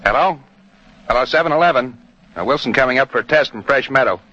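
A man trades breezy jokes as a radio field engineer in a scripted sketch. His voice is husky, bright and lively in pitch. It comes through a dull old radio recording. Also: quick pace, dry recording. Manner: breezy, joking.

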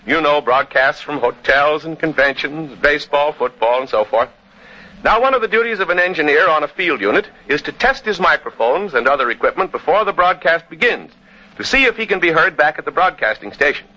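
Bright chatty old-time radio announcer. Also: male voice, fairly high pitch, animated, fairly quick. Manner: chatty storytelling with asides. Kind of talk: scripted radio narration. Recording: dull old radio recording.

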